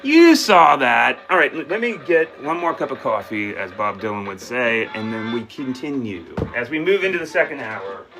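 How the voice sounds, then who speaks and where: A man's voice: mid-range voice, lively intonation, moderate pace, hardly any pauses, music in the background, rough recording. Rambling man giving a live tarot reading. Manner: rambling, self-correcting, thinks aloud. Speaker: tarot reader and live-stream host.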